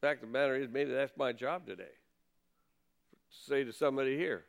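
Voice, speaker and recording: A man preaching a sermon, earnestly, rising for quoted questions and dropping low for asides. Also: normal speed, gravelly. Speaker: pastor.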